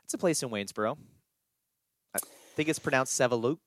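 A man co-hosting a sports podcast, rambling and animated with chuckles. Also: medium pitch, fairly quick, no room sound. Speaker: podcast co-host. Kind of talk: casual sports chat.

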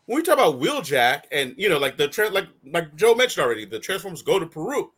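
A man with a bright, lively voice hosts a casual movie review chat. He talks in animated, slangy bursts, laughs often and acts out quotes in little voices. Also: on the high side, fast talker, slightly rough. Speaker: show host.

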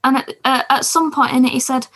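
A woman's voice: high-pitched, steady tone, a little fast, fairly bright tone, slightly rough, poor audio. A woman co-hosting a podcast, recapping TV shows in casual, rambling chat and laughing often. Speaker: podcast co-host.

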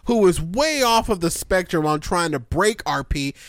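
A man co-hosting a podcast, telling stories in an excited casual chat with frequent swearing and laughter. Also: sits high, normal speed, no room sound, clean studio sound. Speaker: podcast co-host.

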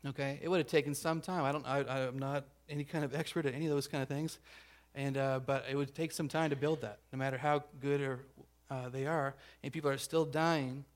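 A pastor preaching a conversational sermon, checking in with the congregation and acting out the grumbling crowd. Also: male voice, mid-range voice, steady tone, a little fast. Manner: acts out grumbling crowd voices.

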